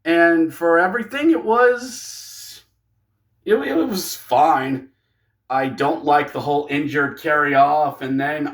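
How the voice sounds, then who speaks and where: Excitable high-voiced man reviewing wrestling. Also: slow. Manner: excitable, jokey, acts out wrestlers' lines. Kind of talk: casual review monologue.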